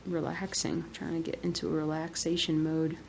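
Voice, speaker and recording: A woman, chatting softly and rambling as she cross-stitches. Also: deep voice, flat delivery, normal speed, vocal fry, slight background noise. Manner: soft-spoken, rambling, murmurs to herself while working. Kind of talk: relaxed stitch-along chat.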